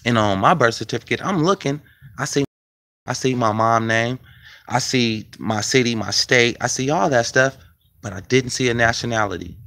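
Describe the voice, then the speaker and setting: A man's voice: medium pitch, moderate pace, creaky, sharp tone, dry recording, rough recording. A man, talking loosely and conversationally to his viewers as a video host. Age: 40s. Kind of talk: casual talk to viewers.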